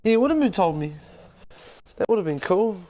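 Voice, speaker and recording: A man's voice: high-pitched, big pitch swings, normal speed, darkish tone, muffled recording. A man with a New Zealand accent chatting casually as a game streamer from his lounge, rambling and profane. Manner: rambling, profane and laid-back. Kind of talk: casual chat. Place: lounge at home.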